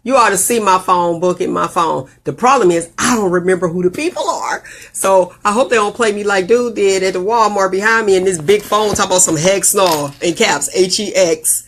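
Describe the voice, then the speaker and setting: A woman hosting a casual live video show, telling stories with animated, jumpy delivery and big leaps in pitch on quoted lines. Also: normal speed. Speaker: host.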